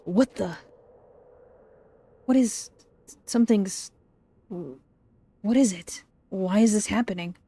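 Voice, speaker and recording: A woman's voice: medium pitch, slow, pauses often, mellow, breathy edge, dry recording. A woman streamer reading game dialogue aloud and reacting, easily frightened and jumpy. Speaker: streamer playing a horror visual novel.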